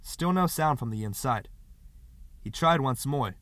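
Man reading fiction aloud, animated and expressive, close dry mic. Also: mid-range voice, measured pace, no room sound. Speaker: audiobook narrator. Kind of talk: scripted narration.

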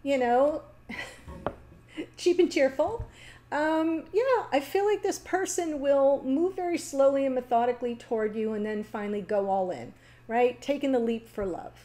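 A woman giving a casual, chatty tarot reading, talking warmly to the viewer with fillers and small laughs. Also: high-pitched, moderate pace. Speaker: tarot reader.

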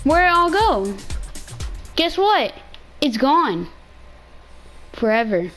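A woman chatting casually while playing a video game, playful and excitable, often repeating herself. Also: high voice, slow pace, soft background music. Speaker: gamer streamer. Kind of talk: casual gaming chat. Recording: noisy game capture.

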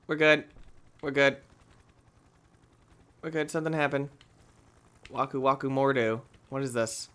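A man hosting a gaming video, talking through his play in an excitable, exclamatory, rambling way. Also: a little high, moderate pace, pauses often, clear, resonant tone. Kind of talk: let's play commentary.

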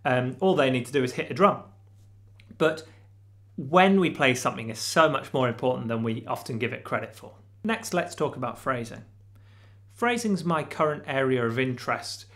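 A man's voice: medium pitch, expressive, moderate pace, a bit bright. A man teaching a guitar lesson, patiently explaining step by step and counting rhythms aloud. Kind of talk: instructional video lesson.

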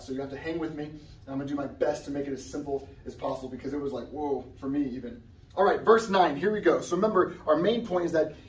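A young man preaches in an easygoing, conversational way, now and then breaking into loud outbursts. His voice sits a little high. The sound is roomy and echoey, picked up from some distance in a church. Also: a little hiss or hum. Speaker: guest preacher. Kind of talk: sermon. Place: church sanctuary. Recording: echoey church room, somewhat far from the mic.

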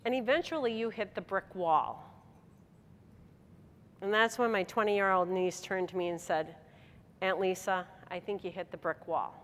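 A woman's voice: medium pitch, moderate pace, long pauses. A middle-aged woman from Michigan giving a motivational speech to a convention, telling a personal story with laughs and acted-out dialogue. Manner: animated, laughing, acts out dialogue. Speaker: convention speaker. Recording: hall reverb on a stage talk.

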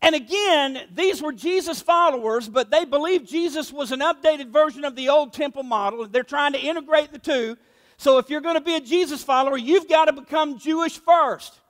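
Man, pastor, sermon, emphatic, conversational, very high voice, long echo. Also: moderate pace, fairly bright tone. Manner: emphatic, conversational, acts out quotes.

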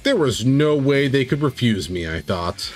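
Guy reading out a d&d story on stream, super lively voice, stops to react, faint music behind. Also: mid-range voice, moderate pace. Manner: animated, breaks off to react. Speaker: streamer and game master. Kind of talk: reading an AI-written tabletop story live.

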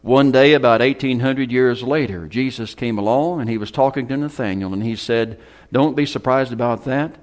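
A man pastor preaching a sermon, with dramatic swings from loud bursts to hushed whispers. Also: medium pitch, normal speed. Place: church hall.

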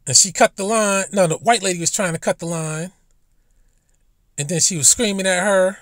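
A man's voice: sits high, moderate pace, a bit bright, no room sound, studio quality. A man ranting bluntly and profanely in a casual vlog monologue, recorded in a car. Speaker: vlogger.

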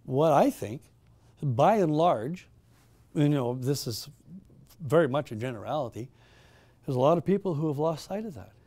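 A man's voice: fairly high pitch, lively intonation, moderate pace, pauses often, warm tone. A middle-aged man hosting a town hall, telling a story to a live audience with emphatic rhetorical questions and frequent restarts. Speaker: town hall host and moderator.

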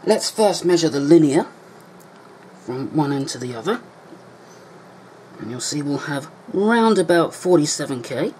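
A man's voice: fairly high pitch, lively intonation, measured pace, pauses often, a little mellow, slight background noise, poor audio. A man explaining an electronics repair at his workbench in a casual tutorial, thinking aloud and correcting himself as he goes. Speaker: electronics hobbyist.

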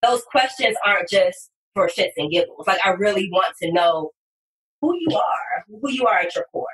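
A woman guest on a podcast, talking about copywriting in an animated, emphatic way with sudden loud bursts. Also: mid-range voice, moderate pace, slight background noise. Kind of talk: casual podcast conversation. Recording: distant, echoey room sound.

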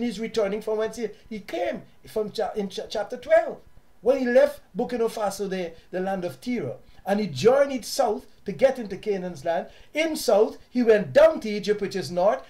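A man with a southern African accent teaching his audience in an impassioned, preachy way, sometimes loud and sometimes hushed. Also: high-pitched. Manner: preachy, repeats words, shifts from loud to hushed. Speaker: online teacher and host.

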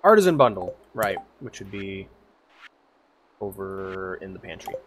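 A man's voice: sits low, very animated, unhurried, fairly bright tone, slight background noise. A man streaming a farming game, chatting casually, humming to himself, reading lines aloud and swearing freely. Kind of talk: casual gameplay commentary.

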